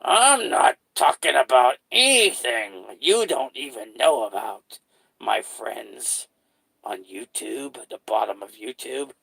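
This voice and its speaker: A man putting on a slow menacing clown. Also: medium pitch, very animated, vocal fry, sharp tone, slightly rough, heavily acted. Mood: taunting. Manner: slow, drawn-out, threatening, drops to a whisper.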